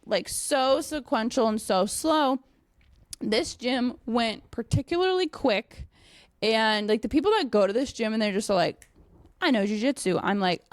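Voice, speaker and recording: A young woman and dog trainer telling a casual story, animated, with many fillers and frequent swearing. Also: fairly high pitch, unhurried, no room sound. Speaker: dog trainer and company owner.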